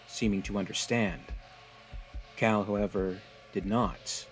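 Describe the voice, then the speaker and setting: Male narrator, low voice, measured storytelling pace. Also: faint music behind.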